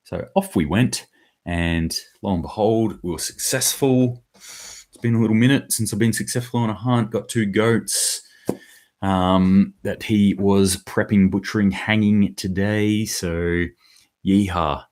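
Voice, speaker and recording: A man's voice: lowish voice, unhurried, darkish tone. A man hosting his own daily preparedness commentary, talking casually and bluntly, rambling a little and swearing now and then. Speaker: host of a daily preparedness news show.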